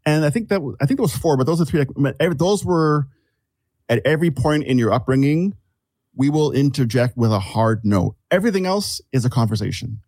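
A man's voice: mid-range voice, animated, fairly quick, darkish tone, husky, no room sound. A man chatting as a podcast guest, a reflective storyteller who often restarts his sentences and calls himself an overthinker. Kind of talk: casual podcast conversation.

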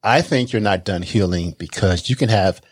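Very deep, husky-voiced woman co-host. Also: moderate pace, a little mellow, no room sound, studio quality. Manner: teasing, blunt, short interjections. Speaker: podcast co-host. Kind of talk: casual chat.

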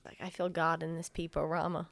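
A woman with a somewhat low voice chats casually on a podcast, tossing in wry, sarcastic asides. The sound is close and dry. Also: flat delivery, a little fast, vocal fry, no room sound. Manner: wry quips and reactions. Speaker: podcast co-host. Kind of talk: casual chat.

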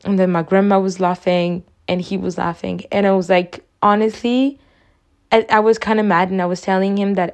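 A young woman hosts her own podcast, chatting reflectively through personal memories and saying "like" a lot. Her voice is mid-range and darkish, with a steady tone and normal speed.

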